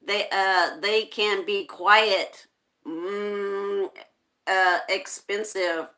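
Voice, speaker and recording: A woman's voice: medium pitch, steady tone, very slow, pushed and bright. A woman hosting a casual livestream, reading viewer comments aloud and greeting people in a friendly way. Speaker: livestream host reading chat.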